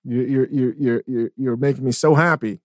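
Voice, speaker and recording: A man's voice: mid-range voice, fairly even intonation, moderate pace, no room sound, studio quality. Enthusiastic man hosting an interview. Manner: enthusiastic, stammers on restarts. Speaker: podcast host. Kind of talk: casual interview chat.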